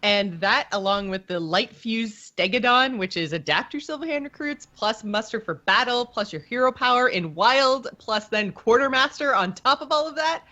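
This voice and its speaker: Bright, bubbly woman on a dull mic. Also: on the high side, normal speed, few pauses. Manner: bubbly, excitable, giggly. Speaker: podcast co-host. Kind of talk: casual chat.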